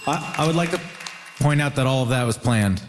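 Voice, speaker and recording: A man's voice: mid-range voice, lively intonation, fairly quick, in a large hall, over music. A man from Ontario doing stand-up comedy with wry punchlines. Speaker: comedian panelist.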